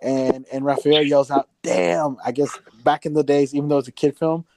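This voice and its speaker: A man's voice: on the high side, little pitch movement, fairly quick, mellow, a little hiss or hum. A man chatting casually on a podcast, rambling with many restarts and swearing offhand. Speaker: podcast co-host.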